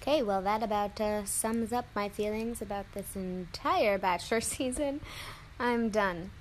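A woman in her late twenties at home, chatting excitedly and reacting to a TV show into her phone. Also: medium pitch, a little slow, a little hiss or hum. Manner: excitable, chatty, swings to squeals and laughter. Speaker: vlogger watching TV. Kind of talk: casual reaction commentary.

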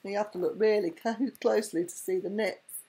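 A woman's voice: medium pitch, fairly even intonation, brisk, warm tone, breathy edge. A woman reading a bedtime picture book to her children, adding playful, chuckling asides.

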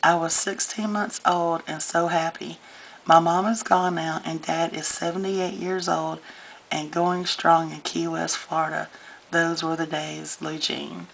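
A woman talks slowly through a casual show-and-tell vlog, gushing and getting a little choked up. Her voice is low and gravelly and stays fairly flat. A faint hiss sits behind her. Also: rough recording. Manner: gushing, chatty, easily moved. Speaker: scrapbooking vlogger.

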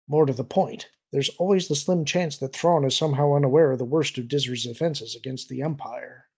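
Man playing a calm, steady old admiral. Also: mid-range voice, husky. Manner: calm, measured, dry.

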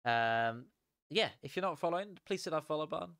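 A tired young man chatting casually as a sim racing streamer, relaxed and rambling with frequent chuckles. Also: fairly high pitch, fairly quick, clear, resonant tone, no echo, clean studio sound. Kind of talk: casual live stream chat.

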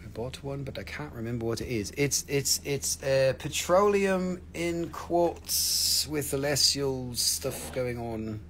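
A man's voice: medium pitch, expressive, slow pace, hardly any pauses, fairly bright tone, slight background noise. Joking, foul-mouthed man selling crystals live. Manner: joking, rambling, swears freely. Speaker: live-stream crystal seller. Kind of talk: casual live sales chat.

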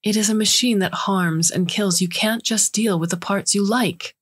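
A woman's voice: medium pitch, fairly even intonation, normal speed, husky, voice pushed up, natural voice. A woman voicing a scheming older female alien scientist who speaks in urgent, clipped lines.

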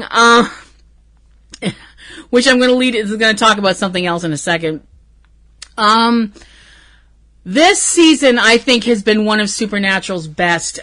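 A woman's voice: on the high side, pushed and bright. A woman hosting a fan podcast, giving a casual, emotional episode recap full of gushing and swearing. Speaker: podcast host.

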